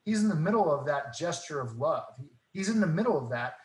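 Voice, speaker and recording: A man telling faith stories in casual talk, earnest and animated, acting out the dialogue. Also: fairly high pitch, fairly quick, roomy sound, rough recording. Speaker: guest.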